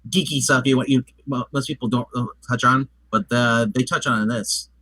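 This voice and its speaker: A man talks through a film in loose, rambling chat, stacking fillers and restarting his sentences. His voice is bright and clear. The sound is dry and close, with no room echo. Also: medium pitch, steady tone, moderate pace. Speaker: movie review co-host. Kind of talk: casual chat.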